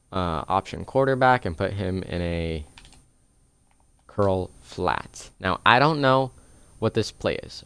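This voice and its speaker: Young male gaming creator, lowish clean voice, casual step-by-step tutorial talk, dry close mic. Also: a bit bright, clear, resonant tone, no echo. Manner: explains plays step by step, chatty with fillers.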